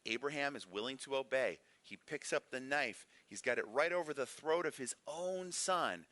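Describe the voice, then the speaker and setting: A man's voice: mid-range voice, normal speed, few pauses, bright, forceful tone, dry recording. A man teaching a casual Bible lesson in a church classroom, conversational and full of rhetorical questions. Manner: conversational, frequent rhetorical "right?".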